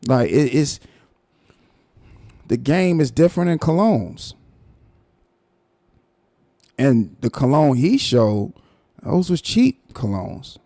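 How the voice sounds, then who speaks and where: A man rants on his live stream, mocking and animated. His voice is dark and gravelly. The sound is dry and close. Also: mid-range voice, slow pace, long pauses, dry recording. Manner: animated, mocking, repeats himself. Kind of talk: casual commentary rant.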